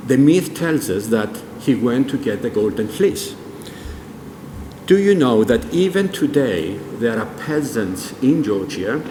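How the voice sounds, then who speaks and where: An older man speaks at a public event in a large museum hall, telling stories and quizzing the listeners. His voice sits at an ordinary pitch for a man. Long reverb trails his words, with faint room ambience underneath. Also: noisy background. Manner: storytelling, quizzes the audience. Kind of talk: public presentation.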